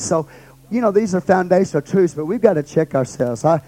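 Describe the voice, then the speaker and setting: A man's voice: fairly high pitch, a little fast, mellow, poor audio. A middle-aged male pastor teaching a Bible study, emphatic and repetitive, often checking in with rhetorical questions.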